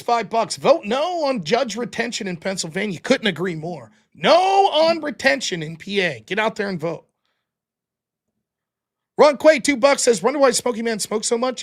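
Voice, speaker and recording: A man hosting a livestream, reading out viewer donations with quick, offhand thanks and blunt replies with occasional swearing. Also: high-pitched. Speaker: livestream host.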